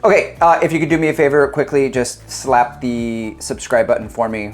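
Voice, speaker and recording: A middle-aged man chats to camera about his running in an easy, jokey way, often poking fun at himself. His voice sits at an ordinary pitch, and faint music plays underneath. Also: normal speed, hardly any pauses. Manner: jokey, self-mocking, chatty with fillers and restarts. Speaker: running vlogger. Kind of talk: casual chat to camera.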